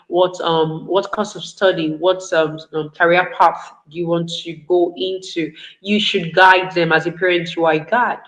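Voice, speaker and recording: A woman's voice: on the low side, fairly bright tone, rough recording. A woman giving a parenting talk in an earnest, instructive way, repeating key points. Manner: earnest, repetitive instructive delivery. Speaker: parenting speaker.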